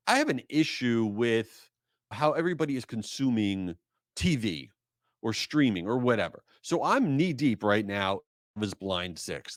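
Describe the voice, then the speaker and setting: A man hosting his own podcast, telling stories in a lively, joking way and jumping to high voices when he quotes people. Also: no room sound, studio quality. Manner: animated storytelling, high-pitched mock quotes; reads sponsor ad with hype. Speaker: podcast host. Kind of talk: casual solo podcast talk.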